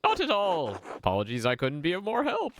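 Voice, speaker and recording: A man's voice: sits high, wildly swooping pitch, a little fast, fairly bright tone, a little hiss or hum, pitched above the performer's own voice, full character voice. A man voicing a polite, busy middle-aged male scholar in a video game, speaking formally. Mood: polite, hurried. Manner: courteous, formal, fussy.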